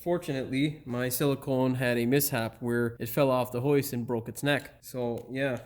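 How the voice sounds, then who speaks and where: A man's voice: medium pitch, fairly even intonation, moderate pace. A man hosting an auto repair video, casually explaining each step while he works, joking and swearing along the way. He talks straight to the viewers from a repair shop. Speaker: auto repair channel host. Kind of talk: casual how-to narration while working.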